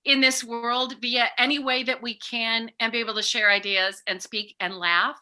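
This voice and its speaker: A middle-aged woman speaking as a podcast guest, talking in a lively, animated way and acting out bits of dialogue. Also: on the high side, moderate pace. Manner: animated, acts out remembered dialogue. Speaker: guest, author and peace educator. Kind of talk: casual podcast conversation.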